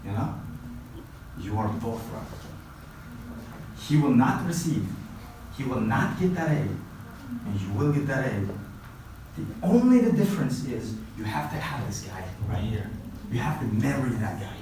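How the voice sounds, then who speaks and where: Man from Uzbekistan, motivational presenter, lively voice that swings in pitch, heavy room echo heard from a distance. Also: a little slow, pauses often. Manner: animated, repeats himself, keeps asking "right?". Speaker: guest presenter at a language academy. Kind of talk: motivational talk to students. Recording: heavy echo, far from mic, faint noise.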